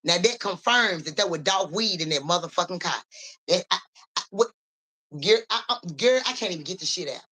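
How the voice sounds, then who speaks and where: A young woman streaming as a psychic reader speaks right to her viewers while telling a story in animated, expletive-heavy casual language. Her lowish voice has a breathy edge and moves fairly quickly.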